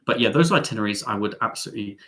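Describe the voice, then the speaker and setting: A young man from England hosting a live stream. He reads out viewer comments and answers them in a chatty, playful way, often jumping up high in pitch. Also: rapid-fire. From Devon, England. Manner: lively and playful, with big jumps up in pitch.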